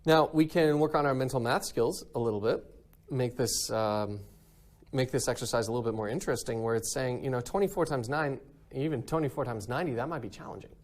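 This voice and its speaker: A man's voice: mid-range voice, brisk. A man teaching a recorded math lesson in an upbeat way, often checking in with "right?".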